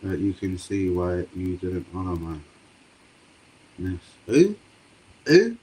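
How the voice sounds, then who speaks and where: A young man hosting a live football stream, chatting to his viewers in slangy, excitable talk with frequent swearing. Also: low voice, a little slow, breathy edge, rough recording. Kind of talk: casual live-stream commentary. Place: home room.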